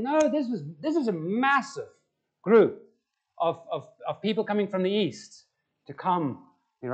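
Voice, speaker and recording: A man's voice: sits high, a little mellow, dull audio. A man preaching a conversational sermon and putting questions to the congregation. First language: Afrikaans. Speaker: pastor.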